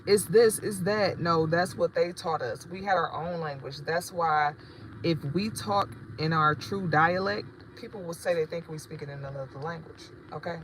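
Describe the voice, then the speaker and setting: A woman's voice: low voice, normal speed, bright, forceful tone, slight background noise, rough recording. A woman, rambling casually and profanely to her livestream viewers as a spiritual shop owner. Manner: rambling, chatty, profane, addresses viewers directly.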